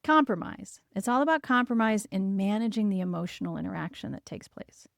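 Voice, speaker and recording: A woman who hosts a parenting podcast as a child therapist, giving advice in a calm, gentle and reassuring way. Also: mid-range voice, brisk, gravelly, no room sound, clean studio sound.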